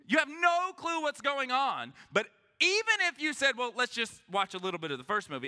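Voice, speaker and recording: Animated male pastor preaching, high bright voice, joking around and doing voices, big swings in pitch. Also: a little fast, few pauses, clean tone. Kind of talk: sermon. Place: church sanctuary with congregation.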